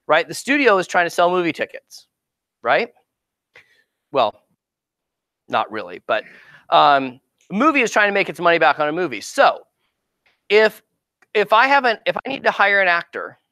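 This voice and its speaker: A middle-aged man giving an informal marketing seminar in a lively, conversational way, often checking in with "right?". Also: sits high, no echo. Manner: conversational, animated, keeps asking "right?". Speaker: marketing speaker and actor coach.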